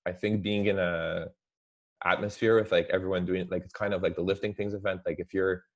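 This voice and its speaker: A young man talking casually as a guest, relaxed and full of "like" fillers. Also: low-pitched, fairly quick, dull audio. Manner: relaxed, heavy use of "like" fillers. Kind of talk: casual chat.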